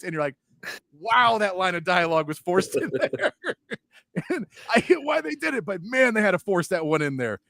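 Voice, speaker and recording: A somewhat high-voiced man hosting a sports talk show in casual chat. He talks in an animated, mocking way and jumps into little acted bits. The sound is dry and close. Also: fairly quick, no echo. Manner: animated, mocking, acts out movie lines.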